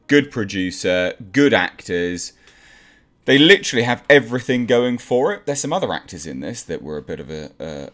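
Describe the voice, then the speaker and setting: A lower-voiced man reviews a film in a casual, blunt rant. His pitch swings widely from line to line, and soft music plays underneath. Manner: blunt and ranting. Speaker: movie reviewer.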